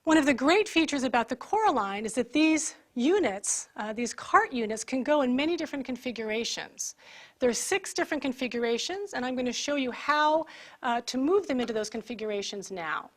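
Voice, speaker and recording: A woman giving a clear step-by-step equipment demonstration as an instructor, explaining while she handles the parts. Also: high-pitched, animated, brisk. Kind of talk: product demonstration.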